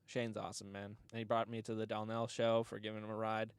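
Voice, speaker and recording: A man's voice: lowish voice, completely flat delivery, quick pace, smooth, no echo, studio quality. A man hosting a podcast, telling comic stories in a rambling, profane way and often breaking into laughter. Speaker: podcast host. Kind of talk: casual comedic storytelling.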